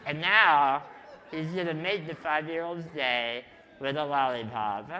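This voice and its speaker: A man giving a talk at a conference, telling stories in a slow, deliberate, wry way. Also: fairly high pitch, sharp tone. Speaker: conference speaker. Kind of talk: storytelling talk to a live audience. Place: large conference hall. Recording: reverberant conference hall.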